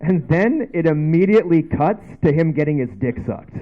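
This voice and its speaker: On a dive bar stage, a stand-up comedian from Canada wanders through a loose set packed with offhand asides. He speaks in a slightly high, animated voice at a moderate pace, captured in a dull, lo-fi bar recording.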